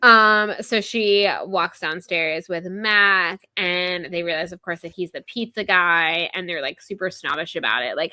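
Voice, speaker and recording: A young woman hosting a podcast gives a casual recap of a book chapter, retelling scenes animatedly and peppering everything with "like." She speaks on the low side at a moderate pace with few pauses. It's a dry recording.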